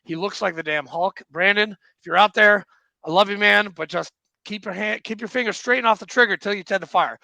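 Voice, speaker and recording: A man hosting a podcast, chatting casually in a joking, excitable way. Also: sits high, fairly quick, vocal fry, no room sound. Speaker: podcast host. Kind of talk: casual interview chat.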